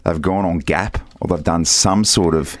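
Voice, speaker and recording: A man hosting a breakfast radio show, telling stories in a jokey, animated way. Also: low voice, normal speed, no room sound. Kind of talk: casual chat.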